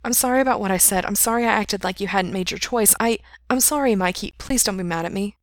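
Rich: An anxious young man, raised in pitch and full of earnest apology, as a woman reading the story puts him on. He sounds plaintive and restless. The recording is dry and close. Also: a little slow, no echo, natural voice. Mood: pleading. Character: anxious guilt-ridden young man, pleading.

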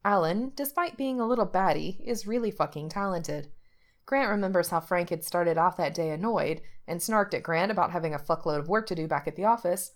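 A woman's voice: fairly low pitch, brisk. A woman reading a story aloud as narrator, shifting her voice slightly for the characters' lines. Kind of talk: audiobook reading of fiction.

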